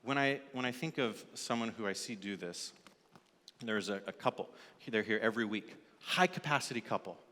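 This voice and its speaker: A man's voice: fairly low pitch, moderate pace, bright, forceful tone, long reverb tail. A man preaching a sermon as lead pastor in a church sanctuary, telling stories and acting out the people in them. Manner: storytelling, acting out characters in an illustration.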